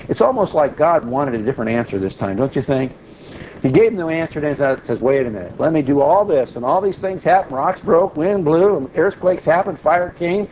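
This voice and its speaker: A man's voice: medium pitch, a little mellow, dull audio, slight background noise. A man teaching an informal Bible study in a loose, conversational way, with frequent restarts and asides.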